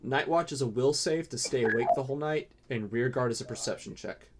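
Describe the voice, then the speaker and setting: A man narrating as game master, relaxed and casual with frequent fillers. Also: mid-range voice, fairly quick, background noise.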